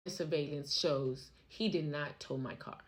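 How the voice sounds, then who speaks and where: A woman's voice: deep voice, fairly even intonation, measured pace. Emotional American woman telling her story. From United States. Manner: emphatic and emotional, repeats herself for stress. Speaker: vlogger. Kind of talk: casual personal storytelling to camera. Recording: noisy background.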